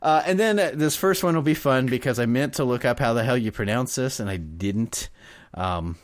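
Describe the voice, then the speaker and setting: A man's voice: medium pitch, normal speed, no echo. Podcast co-host, male, rambly and giggly, dead-dry close mic. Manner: rambling, laughs often, trails off. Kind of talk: casual chat.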